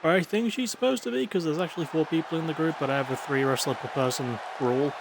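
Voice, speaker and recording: A man's voice: a little high, quick pace, gravelly. A sleepy man giving laid-back, swearing play-by-play commentary of a wrestling video game. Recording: crowd noise and game sounds behind.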